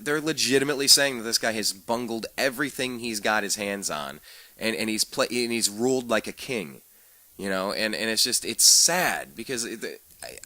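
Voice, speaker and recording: A man hosting a political talk show, opinionated and ranting, with many quick restarts. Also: fairly low pitch, pushed and bright, dry recording.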